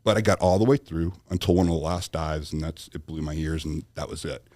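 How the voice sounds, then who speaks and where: A man on a podcast as guest, telling a story with animated asides and acted-out quoted voices. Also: rumbling low, a little fast, no room sound, clean studio sound. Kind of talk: storytelling in conversation.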